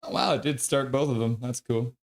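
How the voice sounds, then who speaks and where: A man streaming live hockey play-by-play, excitable and profane, reading viewer chat aloud between calls. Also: medium pitch, fairly quick. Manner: excitable, swears, reads chat comments aloud.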